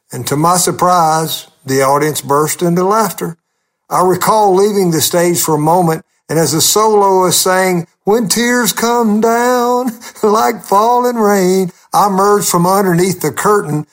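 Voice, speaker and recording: A man, a humorist, telling a gently funny personal story in a scripted radio segment. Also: a little high.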